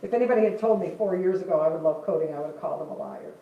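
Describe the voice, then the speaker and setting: A woman's voice: low-pitched, racing, creaky, lo-fi sound. An older woman giving a chatty guest talk to a class, laughing often and putting questions to the audience. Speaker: guest speaker. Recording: echoey room, voice heard from a distance.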